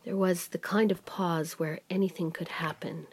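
A woman reading a story aloud as narrator in a measured, steady way. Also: lowish voice, breathy edge. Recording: music playing underneath.

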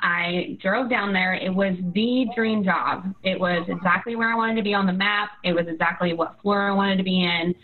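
A young woman speaking casually about her own experience, scattering "you know" and "like" through her sentences. Her voice sits in an ordinary middle pitch. The sound is thin and tinny, as if carried over a phone line. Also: steady tone, moderate pace, few pauses. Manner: chatty, leans on "you know" and "like". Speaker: new nursing graduate interviewee. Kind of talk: casual personal storytelling.

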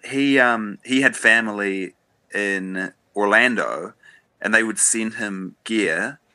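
A man in his thirties with a New Zealand accent, talking as a podcast guest. His voice is very bright and slightly low, and the sound is dry and close. He is easygoing, laughs a lot and trips over his sentence starts. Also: takes it slowly, no room sound. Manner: easygoing, laughs often, lots of fillers and restarts. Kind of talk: casual podcast chat.

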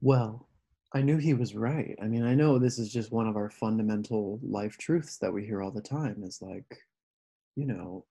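A man's voice: lowish voice, moderate pace, husky. A man telling a personal story in casual conversation, acting out the people he quotes with animation. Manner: animated, acts out quoted voices. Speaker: podcast guest.

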